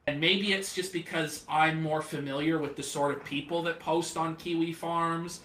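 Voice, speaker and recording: A man's voice: a little high, steady tone, normal speed, sharp tone, reverberant. A man hosting an interview, asking probing questions in a casual way and hedging with fillers. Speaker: show host and interviewer.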